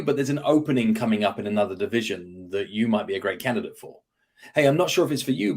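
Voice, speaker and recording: In an interview, a male guest speaker on persuasion explains his techniques, confidently acting out sample phrases as he teaches. His voice is husky and sits in the mid range.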